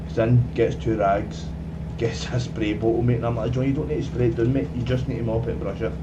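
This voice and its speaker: A man's voice: mid-range voice, level tone, fast talker. Rambling man streaming a game. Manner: rambling, swears often, says "mate" constantly. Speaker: gaming streamer. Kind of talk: casual storytelling while streaming. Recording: dull lo-fi, off-mic, noisy.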